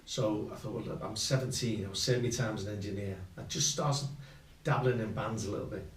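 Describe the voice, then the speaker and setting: Speaking a little fast in a lowish voice, an older man rambles through self-deprecating anecdotes about his young days as a guest musician, full of slang. The distant mic gives a roomy sound with slight background noise.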